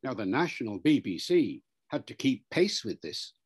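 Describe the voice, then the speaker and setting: Husky older man explaining patiently. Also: medium pitch, very animated. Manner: measured, lecturing, spells out words and demonstrates pronunciations. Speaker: linguist being interviewed. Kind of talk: explanatory interview answer.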